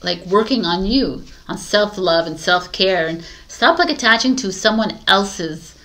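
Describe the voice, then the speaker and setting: A woman giving a casual tarot reading to camera, coaching her viewers in an animated way and laughing often. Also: medium pitch, a little slow. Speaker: tarot reader.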